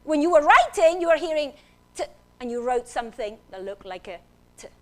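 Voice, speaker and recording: A woman's voice: high-pitched, very animated, brisk, fairly bright tone. A woman giving a talk on phonics, playful and theatrical, leading the audience to repeat sounds. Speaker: phonics teacher and speaker. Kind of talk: animated talk with classroom demonstration. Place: stage before an audience.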